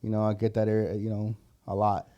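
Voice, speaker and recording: A man speaking as a guest on a talk show, earnest and halting, often restarting and filling with "you know". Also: fairly low pitch, completely flat delivery, warm tone, dull audio. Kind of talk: casual interview conversation.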